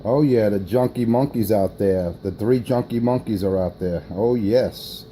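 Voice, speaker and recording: Over a noisy background, a man chatters on a CB radio in a lowish, slightly slow voice. He's a boastful, rambling operator who leans on lots of fillers.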